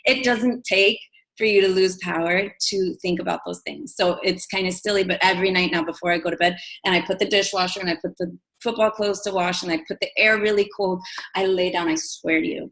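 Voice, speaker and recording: A woman giving a motivational talk to her team, chatty and animated, with many fillers and acted-out quotes. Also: lowish voice, brisk, poor audio. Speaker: coach speaking to her sales team.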